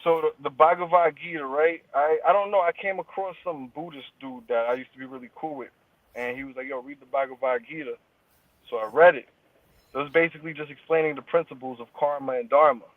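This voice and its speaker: A man's voice: on the high side, fairly quick, no room sound. A man as an interview guest, talking in casual street slang with heavy swearing. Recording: tinny phone-like line, dry.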